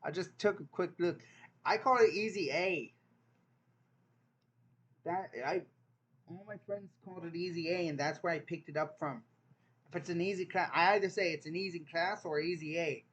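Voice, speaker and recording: A young man with a somewhat high-pitched voice talks through a quiz in casual vlog style. He sounds incredulous and jokey, restarting sentences as he works out each answer. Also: normal speed, pauses often, a bit bright, slightly rough. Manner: incredulous, joking, thinks aloud with restarts. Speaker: vlogger taking an online dialect quiz. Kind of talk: casual reaction commentary.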